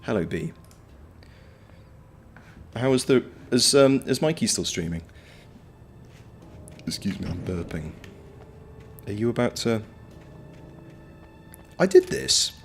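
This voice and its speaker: A man and voice actor giving live-stream gameplay commentary, swearing freely as he yells at the game and chats with viewers. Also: medium pitch, measured pace, long pauses, faint music behind. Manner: animated, swears freely, talks to the game and to chat.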